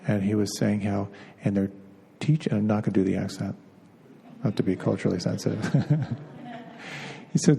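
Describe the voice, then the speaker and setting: A middle-aged man, a meditation teacher, giving an unhurried spiritual talk, pausing and repeating words as he goes. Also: lowish voice, gravelly, dark tone, husky. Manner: unhurried, halting, often repeats words as he searches. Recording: long reverb of a hall.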